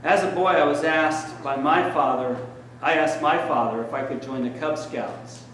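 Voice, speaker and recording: A man's voice: on the high side, moderate pace, a bit bright, a little hiss or hum. A man giving a sermon as a priest, telling stories in a conversational way with plenty of fillers. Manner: conversational storytelling, frequent fillers. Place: church. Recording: echoey church room, mic at a distance.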